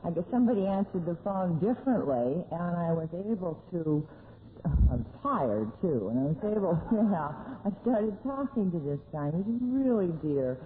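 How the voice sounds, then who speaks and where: A woman's voice: fairly low pitch, big pitch swings, moderate pace, a little hiss or hum. Woman telling her recovery story on an old tape. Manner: candid, self-mocking storytelling with laughs. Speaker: AA speaker sharing her story. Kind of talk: recovery talk at a meeting. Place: meeting hall. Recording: tinny lo-fi 1982 tape recording.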